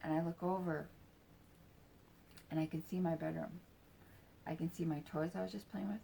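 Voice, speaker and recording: A woman's voice: sits low, steady tone, normal speed, gravelly, mellow, slight background noise. A woman in her forties telling a personal story in a casual, rambling way, with lots of fillers and swearing. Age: 40s.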